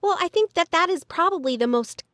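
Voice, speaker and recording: A woman co-hosting a casual podcast, thoughtfully reasoning through a point out loud. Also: very high-pitched, animated, a little fast, dry recording, clean studio sound. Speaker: podcast co-host.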